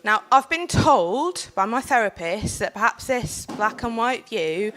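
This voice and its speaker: A young woman, speaking on a panel while nursing a cold, earnest and forceful, with frequent "um"s. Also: fairly high pitch, lively intonation, unhurried. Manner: earnest, forceful, with filler ums. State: has a cold. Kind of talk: impassioned public speech.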